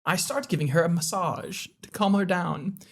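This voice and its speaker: A man co-hosting a casual comedy podcast, giggly and animated. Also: sits high, moderate pace, a little hiss or hum. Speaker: podcast co-host.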